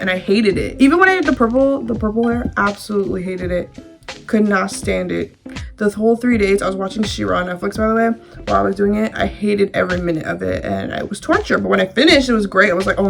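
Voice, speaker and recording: A woman's voice: medium pitch, vocal fry. A young woman, telling a personal story to the camera in a candid, chatty way, with filler words and casual swearing. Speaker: vlogger.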